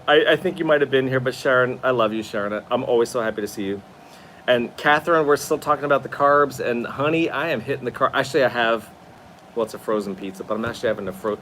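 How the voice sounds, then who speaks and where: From his new apartment, a weary male livestream host chats expressively and responds to comments from viewers. He speaks at medium pitch with a fairly bright tone, and a little hiss or hum is audible.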